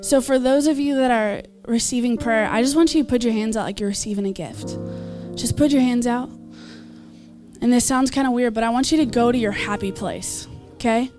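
A woman's voice: fairly high pitch, fairly quick, a little mellow, faint music behind. A woman preaching and leading prayer at a church gathering, earnest and encouraging, with small asides and laughs. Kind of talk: sermon and altar call.

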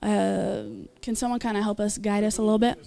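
A woman's voice: mid-range voice, flat delivery, brisk, gravelly, warm tone. A woman preaching and leading prayer at a church gathering, earnest and encouraging, with small asides and laughs. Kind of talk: sermon and altar call.

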